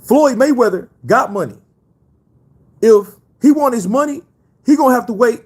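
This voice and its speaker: A man doing an impression of a boastful, flashy rich champion boxer who brags loudly and repeats himself. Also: expressive, moderate pace, husky, exaggerated voice. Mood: bragging. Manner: loud bragging, repeats himself, high-pitched.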